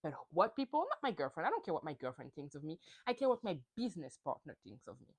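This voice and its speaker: A woman's voice: low-pitched, sing-song, quick pace, husky, poor audio. Young woman ranting on her podcast, cursing a lot, voice jumps all over the place. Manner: heated, profane ranting. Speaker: podcast host. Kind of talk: solo reality TV recap.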